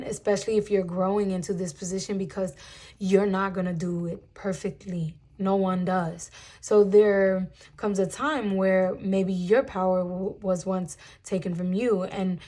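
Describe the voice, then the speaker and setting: A young woman with a dark, mid-range voice gives a channeled tarot reading to her viewers. She speaks earnestly and emphatically about spiritual matters, drawing out her words and calling her audience "guys."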